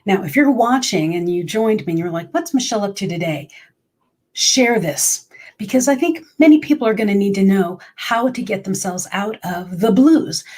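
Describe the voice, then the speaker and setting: A woman in her forties speaking casually and from the heart as a motivational speaker in a personal vlog, at times dropping to a soft whisper. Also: medium pitch.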